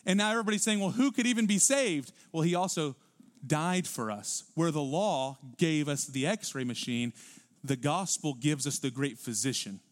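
A male pastor preaching a sermon in a church, animated, rising to loud emphatic peaks and dropping to quiet low asides. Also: normal speed. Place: church sanctuary.

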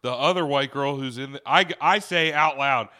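A man co-hosting a podcast, telling stories in a casual, animated way, swearing and laughing as he goes. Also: medium pitch, moderate pace. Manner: animated, swears often, laughs mid-story. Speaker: podcast co-host. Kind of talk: casual storytelling chat.

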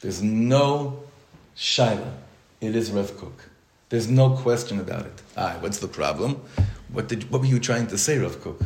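A rabbi with a low-leaning, expressive voice gives his congregation an informal Torah class at normal speed in an echoey synagogue study hall. He keeps it conversational, restarting sentences, tossing in jokes and using many Hebrew and Yiddish terms.

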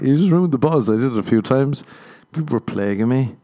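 A man's voice: fairly low pitch, fairly quick, mellow. A man hosting a comedy podcast, telling rambling stories in a dry manner and laughing at his own jokes.

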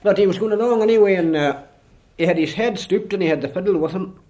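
A man's voice: sits high, fast talker, a little mellow. A man with a Donegal accent telling a traditional fairy story, peppered with "he says" and local turns of phrase. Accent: Irish (Donegal). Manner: rambling, repetitive "he says". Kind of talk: folk storytelling.

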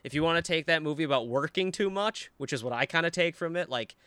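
A man co-hosting a podcast in casual chat, excitable and profane, often acting out quotes. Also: on the high side, fast, clear, resonant tone, no room sound. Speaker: podcast co-host.

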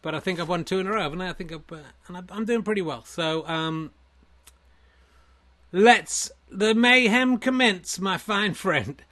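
A man voicing a smug, successful version of himself who brags in a lazy, relaxed drawl. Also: high-pitched, moderate pace. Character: smug, laid-back successful man, self-satisfied show-off.

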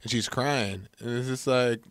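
A man's voice: mid-range voice, unhurried, no room sound. A man talking as a guest on a radio show, telling a story in a plain, earnest way. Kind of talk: casual talk radio discussion.

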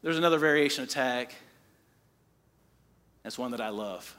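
A pastor in his forties preaching a sermon, telling a personal story with lively quoted dialogue. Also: mid-range voice, moderate pace, long pauses. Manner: animated storytelling, quoting people in his own voice.

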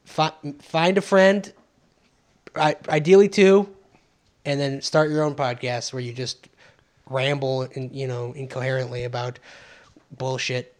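A man's voice: mid-range voice, steady tone, unhurried, long pauses. A man co-hosting a podcast in casual chat, sardonic and rambling, with many fillers and restarts. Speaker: podcast co-host.

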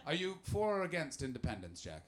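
A man doing stand-up comedy and chatting with the crowd. His delivery is animated and full of swearing, and he swings between shouting and muttering. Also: fairly high pitch, fairly quick. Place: live comedy venue with audience.

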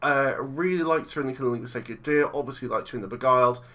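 A man's voice: mid-range voice, fast, sharp tone. A tired man in his thirties co-hosting a casual film-review podcast, rambling and teasing his co-host and laughing often. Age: 30s.

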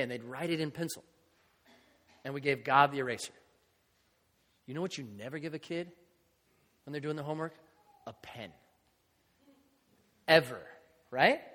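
A man's voice: on the high side, fairly bright tone. A middle-aged man preaching a conversational sermon, acting out the voices of people in his stories. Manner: conversational, acts out quoted voices. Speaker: pastor. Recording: long hall reverb.

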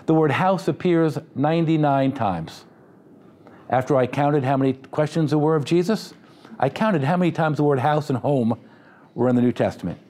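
A man's voice: a little high, normal speed, dark tone. A man preaching a sermon in a conversational, humorous style, with asides to the congregation. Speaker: pastor.

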